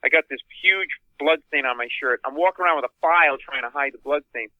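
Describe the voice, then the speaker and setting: Comedian guy spinning a funny story, acts out voices, bit high voice, dry dull mic. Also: quick pace, dry recording. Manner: animated, acts out other people's voices. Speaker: guest comedian. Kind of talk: comic storytelling anecdote.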